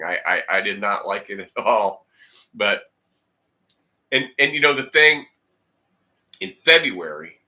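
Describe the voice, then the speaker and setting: A man's voice: low voice, bright, forceful tone. A man telling a long personal story in a rambling, casual way, acting out the dialogue and repeating words. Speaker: guitar channel host. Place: home, indoors.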